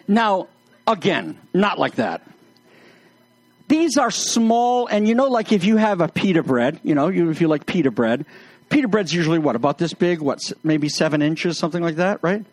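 High-voiced pastor telling a funny story. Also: male voice, expressive, a little fast, dry recording. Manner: humorous, anecdotal storytelling. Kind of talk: sermon.

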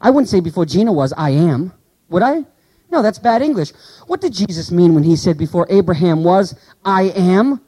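A man delivers a sermon in a fairly high but mellow voice. He teaches with animated rhetorical questions to his congregation. He reads the scripture passages slowly and with weight. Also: rough recording. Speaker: pastor.

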